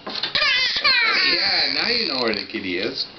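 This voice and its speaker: An older man, a grandfather, reading a picture book aloud to a small child in gentle, coaxing baby talk with simple questions. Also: on the low side, animated, measured pace. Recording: roomy, dull lo-fi home recording with loud noise.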